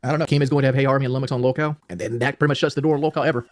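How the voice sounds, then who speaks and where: Very fast-talking complaining man. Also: medium pitch, fairly even intonation, background noise. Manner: complaining, listing grievances, restarts. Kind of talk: casual stream talk.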